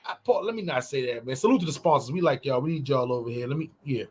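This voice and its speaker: A man co-hosting a podcast, telling stories in loose, profane casual chat and breaking into shouted impressions. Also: mid-range voice, animated, fast talker, slightly rough. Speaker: podcast co-host.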